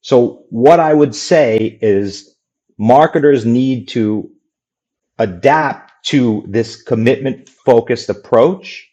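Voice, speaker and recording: A man speaking as a guest on an interview podcast, answering in a measured, businesslike way. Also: mid-range voice, mellow.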